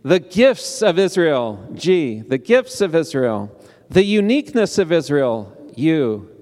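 A man's voice: on the high side, very animated, slow, a little mellow. A man presenting an academic paper as a lecture, reading steadily and turning to rhetorical questions and call-and-response with the audience. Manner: rhetorical questions with rising emphasis. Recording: long hall reverb.

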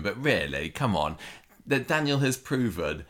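A woman co-hosting a casual podcast, opinionated and quick with her asides. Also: very deep voice, big pitch swings, a bit bright. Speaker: podcast co-host. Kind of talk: casual soap recap chat.

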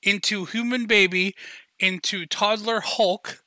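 Man, podcast co-host, incredulous joking reactions, high-pitched, dry close recording. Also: steady tone, slow pace, pushed and bright, no room sound. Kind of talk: casual chat.

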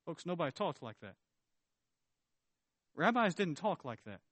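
A man preaching a sermon as pastor, emphatic, swinging between loud declarations and low, earnest tones. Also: big pitch swings, measured pace, dry recording.

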